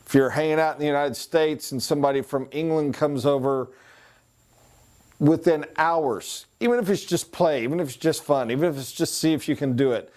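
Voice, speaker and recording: Man, mellow warm voice, sales trainer, casual lecture, playful voice imitations. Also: on the high side, a little fast. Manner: conversational, mimics accents and voices for illustration.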